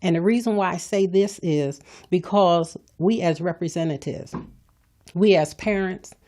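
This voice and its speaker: An older woman hosts her own podcast with a low, mellow voice. She gives a folksy motivational talk and speaks straight to her listeners, the way a preacher would. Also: measured pace. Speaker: podcast host.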